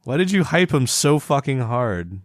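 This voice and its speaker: A man's voice: medium pitch, moderate pace, dry recording, studio quality. A man co-hosting a comedy podcast, ranting through an anecdote with lots of swearing. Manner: animated ranting storyteller, swears a lot. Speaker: podcast co-host. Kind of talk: casual comedic banter.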